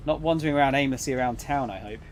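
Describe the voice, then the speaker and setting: A calm, condescending male embassy agent, read aloud by a man in a game. His voice sits at an ordinary middle pitch. He talks down to others with a cool, snide edge. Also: very fast, slight background noise, natural voice.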